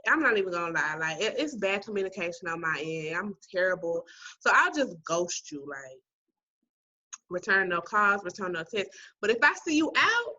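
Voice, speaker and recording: A woman's voice: lowish voice, normal speed, highs cut off. A woman co-hosting a podcast in casual chat over a video call, telling stories animatedly and acting out what people said. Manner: animated storytelling, acting out quoted voices. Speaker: podcast co-host. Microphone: remote video call.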